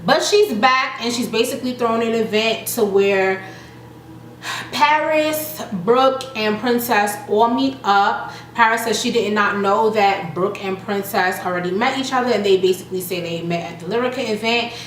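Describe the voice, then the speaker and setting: A young adult woman casually recapping a reality show, chatty and animated, acting out the quotes with laughter. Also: medium pitch, moderate pace. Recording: echoey room with faint noise.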